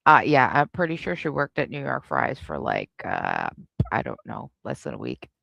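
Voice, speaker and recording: Snarky woman with a gravelly voice. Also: a bass voice, wildly swooping pitch, normal speed, fairly bright tone, no room sound. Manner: sarcastic, snarky asides. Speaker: reaction streamer host. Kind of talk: live reaction stream commentary.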